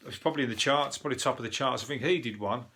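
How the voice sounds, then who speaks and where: A man's voice: medium pitch, very fast, pushed and bright, slightly rough. A man from Birmingham with a Birmingham accent, a comedian hosting a casual comic news review in a rambling, sweary, scornful way. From Birmingham, England. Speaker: comedian host.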